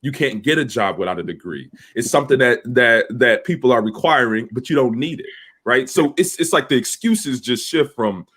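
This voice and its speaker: A man with a deep morning voice, a cybersecurity professor on a panel, telling stories in a relaxed way. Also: normal speed, husky. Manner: relaxed storyteller, laughs easily. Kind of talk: casual panel chat.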